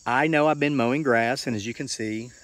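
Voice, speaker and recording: A man's voice: mid-range voice, a little fast, fairly bright tone. Earnest rambling homesteader man. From United States. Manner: earnest, rambling and repetitive, with many fillers. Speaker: homesteading vlogger. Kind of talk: motivational morning ramble. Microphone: handheld phone.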